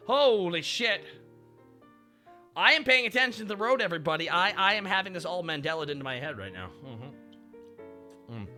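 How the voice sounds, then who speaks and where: A young man streaming while driving, reading history aloud with animated, profane, sarcastic asides. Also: high-pitched, normal speed, long pauses, soft background music.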